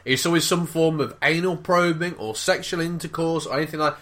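Lively, incredulous man. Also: a little high, normal speed, hardly any pauses. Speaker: podcast co-host. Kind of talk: casual podcast banter.

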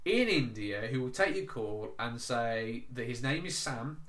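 A man hosting a podcast, telling a story in a crude, animated, casual way. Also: mid-range voice, a little slow. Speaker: podcast host. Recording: echoey room.

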